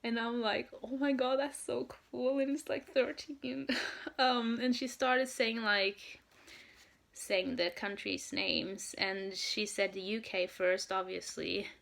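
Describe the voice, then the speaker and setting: A young woman from Norway telling a story in a casual vlog, gushing and excited, with lots of "um" and "like". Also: medium pitch, slow pace, creaky. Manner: excited, gushing, many fillers. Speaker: vlogger, fan.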